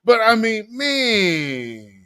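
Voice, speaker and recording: A man with a high, lively voice that swings widely as he rants. He delivers a slangy, sarcastic commentary monologue with heavy emphasis, recorded close and dry. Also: extremely slow, smooth, no room sound. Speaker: commentary show host.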